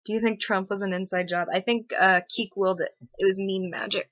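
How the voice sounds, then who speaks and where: A woman's voice: steady tone, brisk, fairly bright tone, no echo. A young woman hosting a casual livestream, rambling and sarcastic, with many fillers, recorded on a webcam or laptop mic. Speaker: livestream host. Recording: muffled, dry low-fi stream audio.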